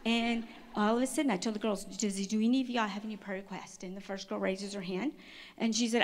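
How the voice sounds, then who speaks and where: Woman giving a lively testimony talk. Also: mid-range voice. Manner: lively storytelling, quick restarts and laughs. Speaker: conference speaker. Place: stage at a women's conference.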